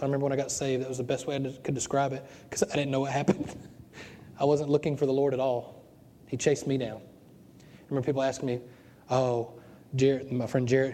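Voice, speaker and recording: Male pastor, earnest and emotional, warm low-key tone, faint room noise behind. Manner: earnest, emotional, repeats words. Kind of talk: sermon and closing prayer. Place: small church.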